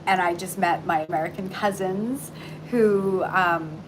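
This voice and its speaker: A middle-aged Canadian woman chatting casually and warmly on a livestream, full of ums and restarts, about heartfelt topics. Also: lowish voice, measured pace, background noise. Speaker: intuitive reader and shop owner. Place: aboard a cruise ship. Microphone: phone livestream.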